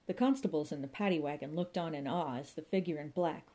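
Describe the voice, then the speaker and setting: A woman narrating a comic story in a lively, playful way, voicing sound effects as she reads. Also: low-pitched, fast talker. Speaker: audiobook narrator.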